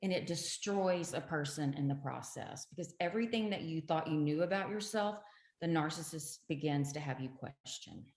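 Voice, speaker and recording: Low-voiced woman telling her story earnestly. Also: normal speed, a little mellow. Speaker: guest. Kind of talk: interview storytelling. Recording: roomy echo.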